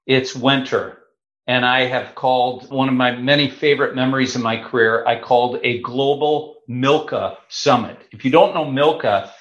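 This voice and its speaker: This man in his fifties tells his story in an animated, chatty way, stopping for the odd filler as he goes. The recording is roomy and somewhat dull, as though taken in an open room with a lo-fi mic. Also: mid-range voice, moderate pace. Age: 50s. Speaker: guest. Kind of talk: casual storytelling. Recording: roomy, slightly dull sound.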